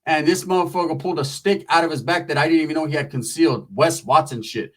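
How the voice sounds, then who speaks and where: A Mexican-American man performs stand-up comedy, telling a rambling, profane story and slipping into the voices of its characters. His voice is a little high and fairly bright, he talks fast, and the recording is rough.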